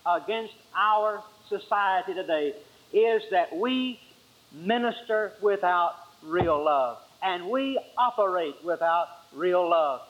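A man preaching a sermon with emphatic delivery, swinging from high forceful lines to low quiet ones. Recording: dull lo-fi sermon recording.

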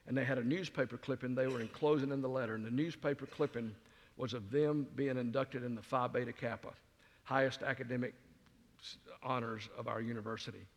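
A man's voice: mid-range voice, fairly even intonation, a little fast. An older man speaking as a guest preacher, telling folksy stories with self-mocking humor in a sermon. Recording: reverberant hall.

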